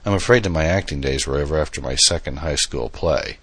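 A man's voice: very deep voice, fairly quick, fairly bright tone, breathy edge, full character voice. A man voicing a tired, reserved young woman photographer who speaks politely but guardedly in an audiobook reading. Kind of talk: audiobook character voice.

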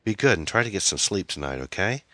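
Man putting on a wary, gentle middle-aged mother. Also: sits low, sing-song, fast talker, no echo, voice pushed up. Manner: gentle, coaxing questions. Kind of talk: audiobook reading.

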